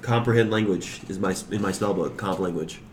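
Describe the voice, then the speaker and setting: A man's voice: sits low, fairly quick, slight background noise. A man playing a tabletop game, chatting casually with a lot of swearing. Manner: profane, excitable. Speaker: player. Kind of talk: casual chat. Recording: echoey room.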